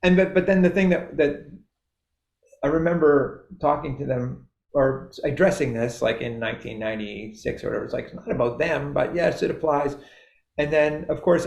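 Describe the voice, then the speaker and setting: A man's voice: on the high side, vocal fry, a little mellow, echoey room. A middle-aged man with a Canadian accent, chatting as a podcast guest in a rambling, self-interrupting way with frequent laughs. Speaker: guest musician. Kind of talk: casual podcast chat.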